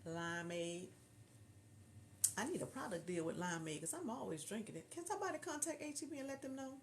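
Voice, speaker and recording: A woman's voice: mid-range voice, big pitch swings, a little fast, a little hiss or hum. Woman, southern drawl, casual livestream host, chatty, reads chat aloud. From Houston, Texas. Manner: chatty, thinks aloud, reads viewer comments.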